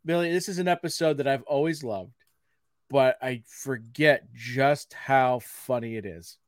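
A man in his forties co-hosting a casual podcast, excitable and playful, often laughing as he talks. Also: medium pitch, unhurried, no echo, clean studio sound. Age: 40s. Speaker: podcast co-host.

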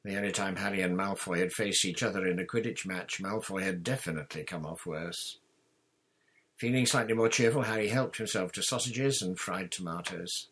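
Man, audiobook narration, husky, low-pitched, steady. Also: moderate pace. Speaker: reader.

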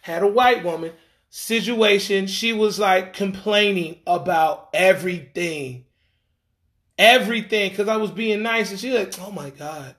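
A man telling a rambling dating story in a casual monologue, slangy and animated, acting out what people said. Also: high-pitched, unhurried. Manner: rambling, animated, acts out quoted lines; frequent fillers and restarts, slangy.

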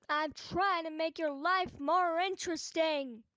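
A woman who voices every character in an animated object show herself, jumping between shrill shouts and flat mumbled asides. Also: unhurried.

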